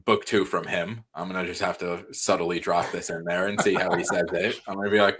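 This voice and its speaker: A man's voice: low voice, fairly even intonation, fairly quick, hardly any pauses, fairly bright tone, husky. A man in his thirties from Long Island, hosting a podcast in an easygoing, joking way. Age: 30s. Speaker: podcast host. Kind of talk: casual podcast chat.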